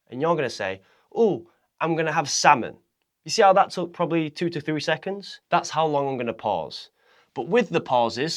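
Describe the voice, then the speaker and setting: A man teaching public speaking to camera, addressing the viewer directly in an energetic way and deliberately swinging his pitch, volume and pace to demonstrate each point. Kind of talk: instructional talk to camera.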